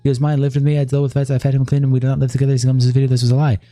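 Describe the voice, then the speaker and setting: Fast, dark-voiced man reading aloud. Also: mid-range voice, monotone, no echo. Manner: rapid reading that stumbles and restarts. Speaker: streamer reading a document aloud. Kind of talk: live-stream read-through with commentary.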